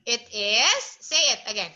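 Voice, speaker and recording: A woman teaching a small child in a high, lively, sing-song voice. She talks very slowly, with exaggerated coaxing phrasing. Her tone is sharp and bright. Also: highs cut off. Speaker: English teacher for a young child. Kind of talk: online kids' English lesson.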